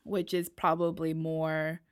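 A woman's voice: sits low, monotone, slow pace, smooth, no room sound, studio quality. A woman with an American accent, co-hosting a casual podcast chat and playfully imitating accents. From United States. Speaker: podcast co-host.

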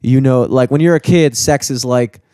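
A man's voice: medium pitch, normal speed, dark tone, clean tone, no room sound, studio quality. A young man in casual chat, rambling and swearing, with lots of filler words.

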